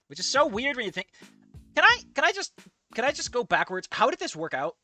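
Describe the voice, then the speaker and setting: A man's voice: extremely high pitch, wildly swooping pitch, a little fast, sharp tone, faint music behind. A man reading a fan story aloud and commenting on it, ranting and swearing with stammering restarts. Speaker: fan fiction reader and commentator.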